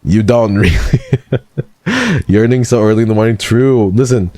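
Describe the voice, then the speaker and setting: A man's voice: on the low side, moderate pace, mellow, no echo. A man streaming live who chats casually with his viewers, answers their questions and thanks them in a playful, teasing way.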